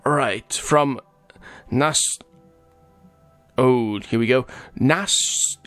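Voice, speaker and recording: A man's voice: mid-range voice, drawn-out words, pauses often, a bit bright, soft background music. Chatty man reading viewer comments. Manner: chatty, stumbles over names, laughs often. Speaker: gaming channel host.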